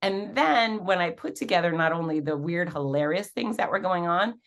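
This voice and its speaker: A woman guest on an interview podcast telling her story in a lively, animated way, acting out quoted voices with big jumps in pitch. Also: moderate pace. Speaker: podcast guest, fitness professional and race announcer.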